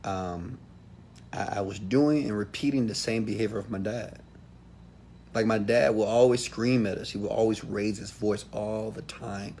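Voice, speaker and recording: A man giving a motivational talk straight to his viewers, emphatic, swinging from quiet asides to loud outbursts. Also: lowish voice, fairly quick, slight background noise. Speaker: motivational speaker.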